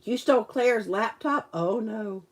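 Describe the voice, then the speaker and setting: A woman with a drawl talks casually to her live stream viewers. Her voice sits a little high, and she rambles and giggles her way through stories and replies to chat. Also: a little slow. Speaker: livestream host and teacher.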